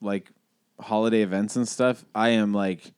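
A man's voice: on the low side, steady tone, moderate pace, a little mellow, clear, resonant tone, dry recording. A man in his thirties co-hosting a podcast, talking casually and reflectively with many restarts. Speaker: podcast co-host.

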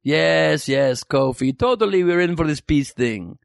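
A man's voice: on the high side, animated, a little slow, gravelly, no echo, clean studio sound. A man voicing a cocky, callous caricature of a male dictator in a mock Jamaican accent, swaggering and profane. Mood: gleeful swagger.

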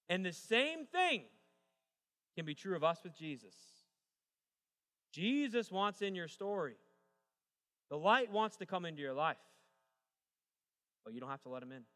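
A man's voice: a little high, a bit bright. A young adult man preaching a sermon as pastor, moving from joking storytelling to emphatic preaching. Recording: long reverb of a large hall.

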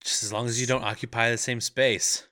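A man's voice: mid-range voice, flat delivery, fairly quick, pushed and bright, no room sound, clean studio sound. A man co-hosting a movie podcast in casual chat, wry and laughing often. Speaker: podcast co-host.

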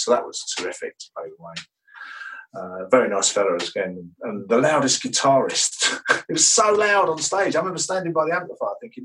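A musician guest in a radio interview, telling rambling, enthusiastic anecdotes. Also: male voice, lowish voice, fairly bright tone, distant mic, slight background noise, poor audio.

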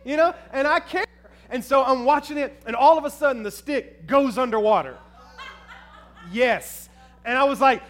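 Pastor, male, very high voice, lively storyteller who talks to the crowd. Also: moderate pace. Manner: animated storytelling, addresses the crowd as "y'all". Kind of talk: sermon with personal story.

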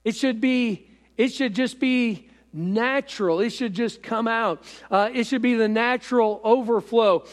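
A man preaching a sermon as pastor, halting often, with many fillers and repeated phrases. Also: very high voice. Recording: echoey hall.

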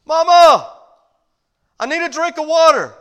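A man voicing a frightened little boy who yells and pleads for his mama. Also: expressive, a little slow, heavily acted. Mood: pleading. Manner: high, yelling, pleading.

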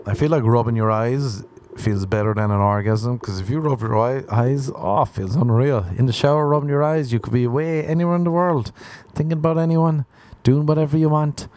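Young male podcaster, warm mid-range voice, loose rambling crude comedy delivery with frequent chuckles. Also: medium pitch, brisk, no echo. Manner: crude, meandering, chuckles at own jokes. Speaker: podcast host.

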